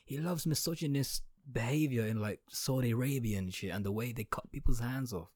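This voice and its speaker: A man's voice: medium pitch, brisk, a little mellow, no echo, studio quality. Sarcastic young man ranting. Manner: swearing, sarcastic ranting with mumbled asides. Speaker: podcast host. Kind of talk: casual ranting podcast. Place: home room.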